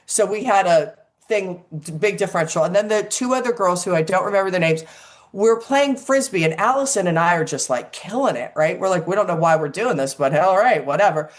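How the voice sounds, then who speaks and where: An older woman, an actress, telling lively casual stories in an interview and acting out the quotes. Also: on the low side, a little fast. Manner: animated storyteller, acts out quotes, swears casually.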